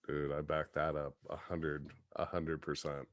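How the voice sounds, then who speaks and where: A man guesting on a podcast, telling stories in a profane, animated, casual way. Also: a bass voice, measured pace, dry recording. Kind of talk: casual storytelling chat.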